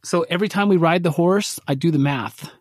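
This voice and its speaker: A man co-hosting a podcast, telling a story in casual chat and acting out his own quotes with lively energy. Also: on the high side, fairly quick, no echo, clean studio sound. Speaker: podcast co-host.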